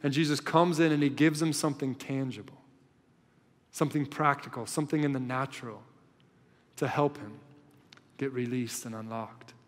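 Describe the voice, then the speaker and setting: A male pastor preaching a sermon in a storytelling way, swinging between loud and hushed. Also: medium pitch, steady tone, normal speed, pauses often, long reverb tail.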